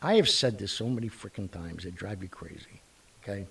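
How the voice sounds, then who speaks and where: New guy hosting his show, gravelly and husky, swoops all over, sits back from the mic. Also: fairly low pitch, a little fast, far from the mic. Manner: animated, blunt, mildly profane, rambling. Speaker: host of an online show. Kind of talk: casual rambling monologue.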